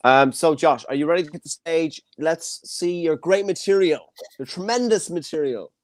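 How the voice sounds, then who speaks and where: Irish man, comedy show host, teasing and chatty, slightly high voice, dry sound. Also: normal speed, no echo. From Ireland. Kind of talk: casual chat hosting an online comedy show.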